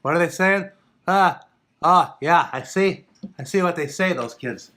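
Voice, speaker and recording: A doddering old man , put on by a man, mumbles and repeats himself while squinting at tiny print. His voice sits high and thin, well above the performer's usual low register, and it comes out louder and more strained. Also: unhurried. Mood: puzzled. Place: home living room.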